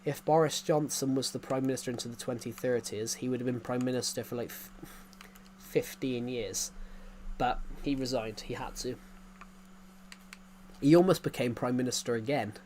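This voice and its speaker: A man's voice: mid-range voice, moderate pace, a little mellow, slight background noise. A man, chatting casually on a game live stream, rambling and repeating himself with frequent chuckles.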